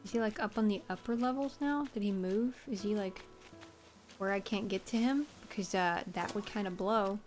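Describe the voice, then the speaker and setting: A woman's voice: medium pitch, normal speed. A woman streamer chatting casually while she plays a game, wry and self-mocking with rambling asides. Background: faint game music.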